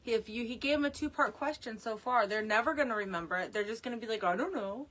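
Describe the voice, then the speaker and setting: A woman's voice: on the high side, quick pace, fairly bright tone. A woman co-hosting a casual podcast, reacting with blunt, joking comments. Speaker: podcast co-host.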